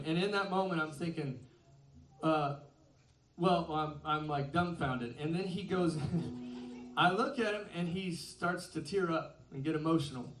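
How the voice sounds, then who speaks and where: A man's voice: on the high side, a little slow, distant mic. Chatty man telling a story on stage. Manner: chatty, self-deprecating, laughing often. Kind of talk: on-stage storytelling between songs. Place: concert venue with an audience. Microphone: stage microphone through a PA. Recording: roomy concert sound from afar, music behind. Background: live band music.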